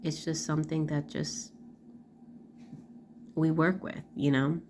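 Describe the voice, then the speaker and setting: A woman's voice: low-pitched, flat delivery, slow, a little mellow, slight background noise. A middle-aged woman talking casually in a personal vlog, rambling with lots of fillers and restarts. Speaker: vlogger.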